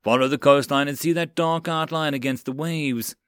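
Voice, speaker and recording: A man's voice: a little high, steady tone, moderate pace, fairly bright tone, clean tone, no echo, studio quality, natural voice. A man voicing an alert male dragon scout who calls out what he spots.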